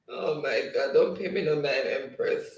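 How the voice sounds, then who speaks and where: Slow, laughing man hosting a live quiz. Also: fairly high pitch. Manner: chatty, reads viewer comments aloud, laughs often. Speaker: livestream quiz host. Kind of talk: casual live-stream hosting. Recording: echoey room, distant mic.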